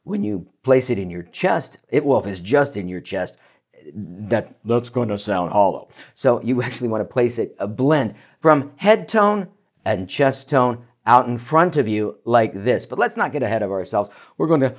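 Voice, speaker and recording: A man teaching vocal warm-ups as a voice coach, with an energetic, demonstrative coaching manner. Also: medium pitch, normal speed. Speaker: voice coach and keynote speaker. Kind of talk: instructional talk to camera.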